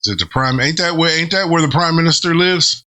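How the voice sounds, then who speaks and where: A man's voice: on the high side, fairly quick, bright, forceful tone. A man hosting a reaction video, thinking aloud about lyrics in casual commentary, with restarts and chuckles. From not from Britain.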